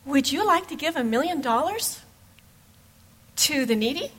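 A woman's voice: high voice, expressive, a little slow, fairly bright tone, big-room sound, pitched above the performer's own voice. A woman voicing a patient female Sunday school teacher, asking coaxing questions.

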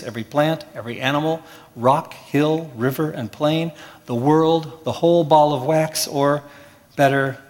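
A man preaching a sermon as pastor, measured, with slow emphatic pauses. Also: medium pitch, big-room sound. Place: church.

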